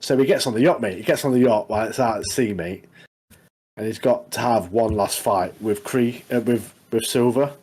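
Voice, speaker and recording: A man co-hosting a casual podcast, giving short excited reactions and laughing often. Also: lowish voice, normal speed, husky. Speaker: podcast co-host. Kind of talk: casual chat.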